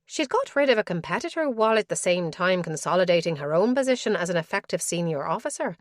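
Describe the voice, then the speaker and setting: Audiobook narrator, woman, lowish voice, measured and tense, dry close mic. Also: very animated, no room sound. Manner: measured, suspenseful.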